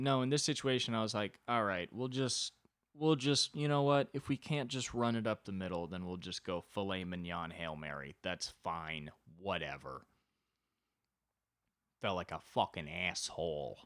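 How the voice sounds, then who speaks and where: Young guy doing a solo podcast rant, deep voice, dry close mic, swears a lot. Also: fairly bright tone, smooth, dry recording. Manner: rambling, self-deprecating, swears a lot. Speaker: podcast host. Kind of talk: solo comedic monologue.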